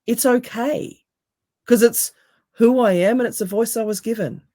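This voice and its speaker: Deep-voiced woman, calm and emphatic. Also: moderate pace, dry recording, studio quality. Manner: calm, emphatic repeated phrases. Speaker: hypnotherapist and coach. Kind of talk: podcast interview guest.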